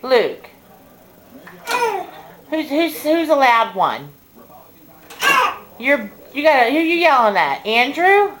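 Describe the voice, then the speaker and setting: A woman's voice: high-pitched, very animated, slow, pauses often, fairly bright tone, poor audio. A woman using playful, teasing baby talk toward a pet at home. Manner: playful teasing sing-song.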